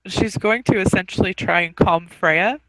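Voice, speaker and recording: A young woman playing her character in a tabletop role-play, chatting in a relaxed way with frequent laughs. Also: lowish voice, moderate pace, slight background noise, rough recording. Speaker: player.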